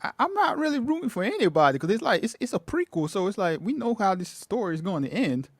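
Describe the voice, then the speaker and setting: A man's voice: high voice, very animated, fast, no room sound. A man joining a casual chat as a guest, talking hesitantly with frequent restarts.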